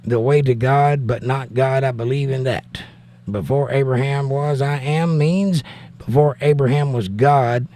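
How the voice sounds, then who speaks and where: A man's voice: medium pitch, dark tone. Georgia-accented man reading livestream chat. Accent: Southern US, Georgia. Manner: reads chat aloud, argues scripture plainly and bluntly.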